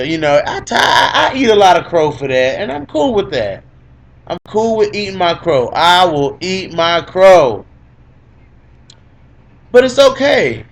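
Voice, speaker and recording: A young man with a fairly high voice gloats through a casual fight recap on a podcast. He teases his co-host, repeats his points again and again, and laughs often. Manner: teasing, boastful, repeats lines for emphasis, laughs a lot. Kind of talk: gloating casual MMA commentary.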